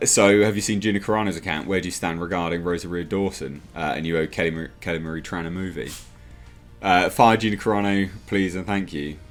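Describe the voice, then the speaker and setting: A man ranting in a commentary vlog, sarcastic and exasperated, slipping into mocking voices. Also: sits low. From United Kingdom. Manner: sarcastic, exasperated, mocks others in put-on voices. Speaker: commentary vlogger.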